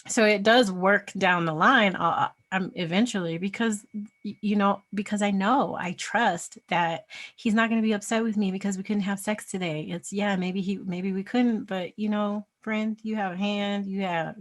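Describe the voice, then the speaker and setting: A woman's voice: mid-range voice, steady tone, normal speed. A woman guest in a video interview, speaking candidly and reflectively, laughing between thoughts. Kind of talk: casual video interview chat.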